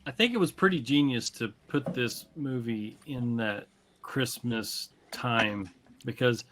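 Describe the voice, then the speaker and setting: A man's voice: mid-range voice, unhurried, fairly bright tone, a little hiss or hum. A man raising questions and musing as a podcast co-host in casual chat.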